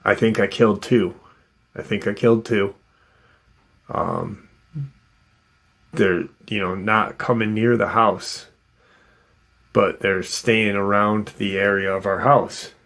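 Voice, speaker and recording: A man's voice: on the low side, fairly even intonation, takes it slowly, creaky, long pauses, fairly bright tone, exaggerated voice. A man quoting a panicked rancher father. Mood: shaken. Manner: repeats himself in short frightened bursts. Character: panicked rancher father guarding his home.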